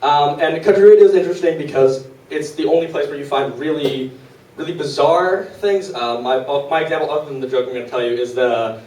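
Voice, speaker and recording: A twenty-year-old man tells comic stories at an open mic, loose and rambling, his voice a touch higher than most men's. The small venue is echoey, and he is heard from a mic well back. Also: fairly quick, a little mellow. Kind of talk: live comic storytelling. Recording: roomy live room, distant mic.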